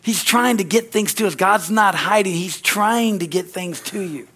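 A man's voice: moderate pace, sharp tone. A male pastor preaching energetically, calling out amen and hallelujah and acting out little dialogues. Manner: acts out little dialogues with sudden high-pitched voices. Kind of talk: sermon.

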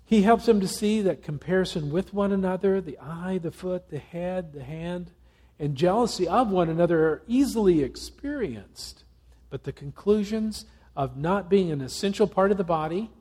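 A male pastor delivers a sermon in an earnest, measured way. His voice sits a little high yet sounds soft and mellow. It has a gentle huskiness. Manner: earnest, reads passages aloud with pauses.

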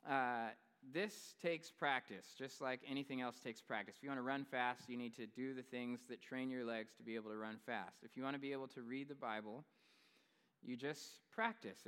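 A young male pastor preaching a sermon in a large church, relaxed and conversational with bits of humorous storytelling. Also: mid-range voice, clean tone. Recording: long reverb in a large hall.

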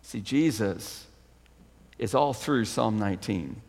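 A man preaching a sermon as pastor, emphatic, swinging between loud proclaiming and hushed, intimate stretches. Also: fairly low pitch, expressive, slow, creaky, long reverb tail.

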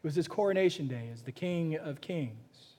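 A man's voice: a little high, animated, moderate pace, mellow. Man preaching a storytelling sermon. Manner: storytelling with frequent restarts and repeated words. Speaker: pastor.

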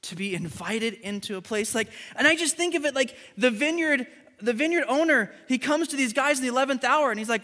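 A high, bright male voice preaching to a congregation, jumping into playful dialogue as he tells his stories. It rings out in a large, reverberant hall, with soft music under him. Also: a little fast. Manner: animated storytelling, acting out dialogue. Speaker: pastor. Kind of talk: sermon. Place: church sanctuary.

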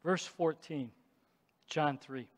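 A male pastor preaching an emphatic sermon in a church, swinging between loud declarations and hushed asides. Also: fairly high pitch, slow pace. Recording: long hall reverb.

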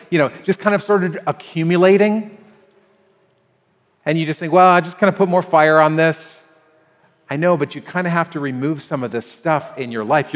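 A man preaching a sermon as pastor, animated and acting out little scenes for the congregation. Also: mid-range voice. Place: church sanctuary. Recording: long hall reverb with faint music.

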